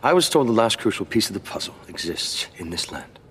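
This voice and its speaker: An actor playing a measured, soft-spoken doctor in a TV drama, with a British-tinged American accent. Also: male voice, fairly low pitch, very animated, a little hiss or hum. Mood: calm, eerie. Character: eerie, soft-spoken male doctor seeking a heart. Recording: TV clip with music beneath.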